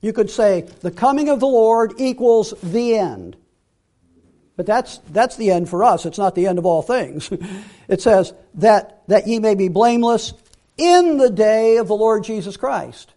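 A man giving a Bible teaching sermon, emphatic, repeating key phrases and dropping to quiet asides. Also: high voice, expressive, unhurried.

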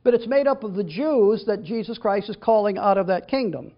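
A man's voice: sits high, a little fast, dull audio. A man preaching a sermon and teaching from the Bible, reading scripture aloud with emphatic stress.

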